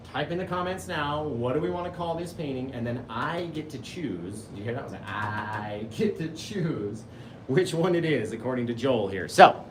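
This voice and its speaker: His voice slightly high, a man in his forties runs a live painting lesson from his studio, recorded far from the mic with reverb and a faint hiss or hum. He's playful and enthusiastic, reading out viewer comments, joking and gushing.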